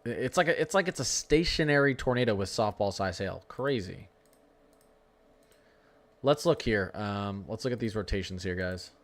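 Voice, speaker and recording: A young man hosts a live severe-weather stream, his lowish voice lively in intonation at a normal pace. He chats casually, jokes, teases his viewers, talks to chat, and laughs often.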